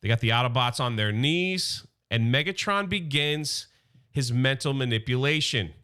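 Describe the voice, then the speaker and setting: Animated man recapping a comic. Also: mid-range voice, normal speed, smooth. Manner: animated, chatty, talks straight to fans. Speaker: comic book reviewer. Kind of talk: casual comic book recap.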